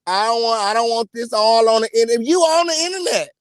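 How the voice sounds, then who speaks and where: A man hosting a celebrity gossip channel, giving an emphatic, profanity-heavy rant with sudden loud outbursts. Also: very high-pitched, lively intonation, fast talker, no room sound, clean studio sound. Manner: profane, emphatic, repeats "okay?" and "period". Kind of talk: ranting celebrity gossip commentary.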